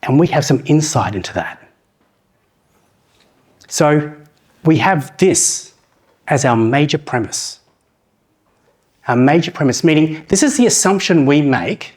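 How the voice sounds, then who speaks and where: A middle-aged man giving a conference talk, asking the audience questions and slowing down to read proverbs aloud. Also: on the high side, lively intonation, a little mellow, husky. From New Zealand. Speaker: conference speaker.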